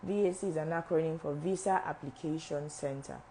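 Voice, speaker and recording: Low-voiced woman hosting a live session. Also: brisk, dark tone, slight background noise, rough recording. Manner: repeats and restarts phrases, talks directly to viewers. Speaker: visa officer at a travel agency. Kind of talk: live-stream information session.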